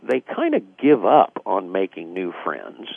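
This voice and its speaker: A man with a low, gravelly, husky voice talks reflectively as a radio guest, piling on fillers. He comes through a tinny, dry phone line. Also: wildly swooping pitch, unhurried, dry recording. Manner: reflective, acts out quoted dialogue, frequent fillers. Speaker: guest author. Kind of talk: casual radio interview explanation.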